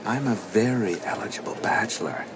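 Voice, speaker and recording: A man's voice: on the low side, brisk, close to an everyday voice. A man playing a smarmy leering neighbor in a noisy film clip. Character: smarmy middle-aged male neighbor, leering.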